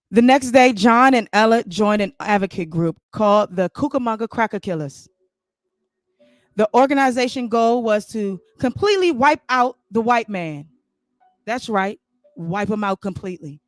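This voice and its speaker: A man's voice: high-pitched, lively intonation, normal speed, dry recording. Rambling male storyteller. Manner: loose, rambling, with asides to listeners. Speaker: podcast host. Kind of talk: comic improvised storytelling.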